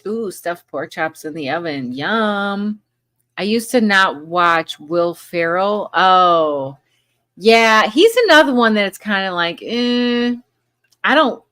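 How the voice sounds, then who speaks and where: A woman's voice: medium pitch, sharp tone. A woman hosting a casual live chat, reading viewer comments aloud and laughing often between remarks. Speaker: livestream host.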